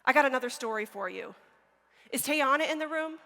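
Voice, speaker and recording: A woman in her forties giving a motivational keynote on stage, energetic and full of stories and questions to the audience. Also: sits high, a little fast. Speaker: keynote speaker. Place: large hall on stage. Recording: long hall reverb.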